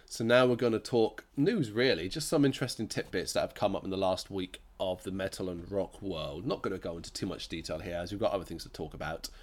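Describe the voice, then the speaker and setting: A man hosting a rock and metal podcast in a rambling, enthusiastic monologue, with a croaky voice and frequent self-corrections. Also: low voice, fast talker, hardly any pauses. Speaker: podcast host.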